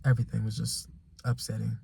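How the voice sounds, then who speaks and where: A man's voice: mid-range voice, monotone, fast, gravelly, mellow, slight background noise. A young man vlogging a casual storytime monologue, rambling and repeating himself with exasperation and slang.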